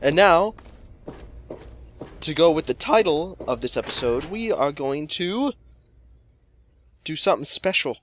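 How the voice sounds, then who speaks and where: A man's voice: a little high, lively intonation, a little slow, long pauses, a bit bright, a little hiss or hum. A man casually commenting on gameplay, jokey and rambling with lots of swearing. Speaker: let's play host.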